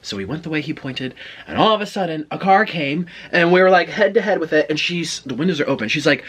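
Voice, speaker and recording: A man's voice: on the high side, lively intonation, fast talker, a bit bright, slightly rough. A man vlogging, telling a chatty story in a casual way between bites of food. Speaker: mukbang vlogger. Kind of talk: casual storytelling while eating.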